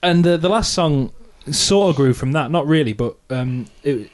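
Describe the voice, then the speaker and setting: A man's voice: a little high, animated, moderate pace, darkish tone. A man in his thirties from England, a musician hosting a podcast, chatting casually about his songs, self-mocking and laughing often.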